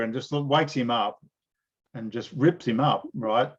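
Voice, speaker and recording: A man's voice: mid-range voice, unhurried, lo-fi sound. Man telling blokey stories. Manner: animated storyteller, blokey slang. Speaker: interviewer. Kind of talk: casual storytelling in an interview.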